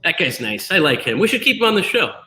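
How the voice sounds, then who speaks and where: A man's voice: fairly high pitch, sing-song, quick pace, background noise. A man hosting a casual live-stream chat over a video call, joking and ribbing his co-hosts. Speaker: host.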